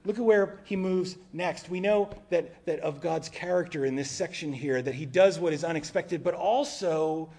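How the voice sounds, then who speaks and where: A man delivering a sermon in an informal, conversational voice that sits a bit high for a man. He sometimes drops quiet and low to stress a point. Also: moderate pace, few pauses. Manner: conversational preaching, acts out quoted voices. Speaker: pastor.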